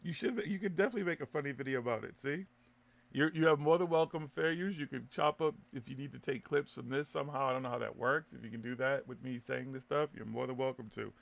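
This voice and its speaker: Brief: male host of a live web radio show, gravelly mid-pitched voice, rambling, profane, restarts a lot. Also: fast talker. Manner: loose, swearing, laughing, stumbling restarts. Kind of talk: casual live show banter.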